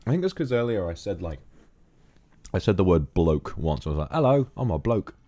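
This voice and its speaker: A man's voice: low-pitched, brisk. A man with a British accent chatting casually on a stream, reading donations, rambling and laughing often. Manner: relaxed, rambling, laughs often, hums to himself.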